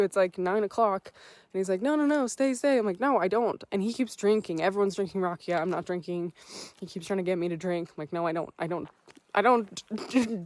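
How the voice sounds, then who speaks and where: A woman's voice: darkish tone, dry recording. A young woman hiking alone, talking candidly to camera in a hesitant, filler-heavy way. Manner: hesitant, lots of fillers and restarts, low-key. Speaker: solo hiker vlogger. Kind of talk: candid vlog talk to camera. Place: indoors, small locked woodshed at night.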